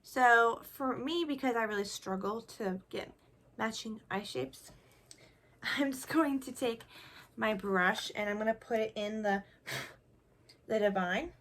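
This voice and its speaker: A young woman with a higher voice and a fairly bright tone speaks a little slowly as she tests makeup. She's a beauty vlogger in a casual tutorial, chatting away and joking about herself while she applies it.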